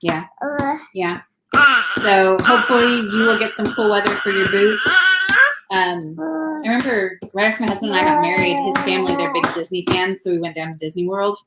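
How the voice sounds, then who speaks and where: A woman's voice: medium pitch, animated, a little fast, roomy sound, very noisy. A woman in her thirties from California, chatting casually on a home live stream, rambling and laughing often. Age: 30s. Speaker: vlogger. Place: home, indoors.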